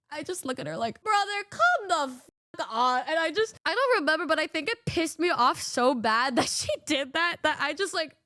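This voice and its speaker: High-voiced woman telling a story. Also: brisk, few pauses, slight background noise. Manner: animated, swearing, laughing often. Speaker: streamer. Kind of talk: casual storytelling.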